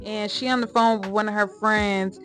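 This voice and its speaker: A woman's voice: medium pitch, fairly even intonation, moderate pace, fairly bright tone. Chatty woman telling a story over faint music. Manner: chatty, slangy, emphatic, addresses viewers as y'all. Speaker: vlogger telling a personal story. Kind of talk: casual storytime monologue.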